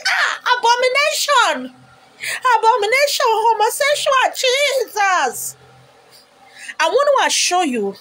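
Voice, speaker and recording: A high-voiced middle-aged woman with a Nigerian accent, ranting straight to her vlog audience. She scolds and hurls insults, her voice jumping up into sharp, loud outbursts. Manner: wears a wig on camera. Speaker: vlogger.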